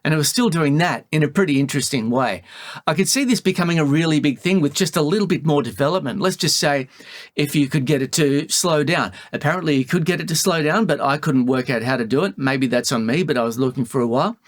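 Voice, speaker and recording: A man's voice: fairly high pitch, quick pace. A middle-aged Australian voiceover artist talking casually in a video, thinking aloud as he reviews something.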